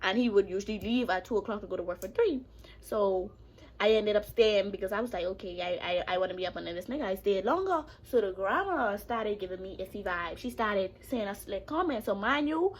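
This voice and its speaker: A young woman telling a casual storytime vlog, animated and sassy, swearing freely and talking back to a friend off camera. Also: mid-range voice, normal speed, slightly rough.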